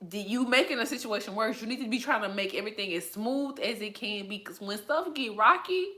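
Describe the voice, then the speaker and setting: A woman giving animated, emphatic reaction commentary on a TV episode in a casual, slangy way. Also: fairly high pitch, fairly quick.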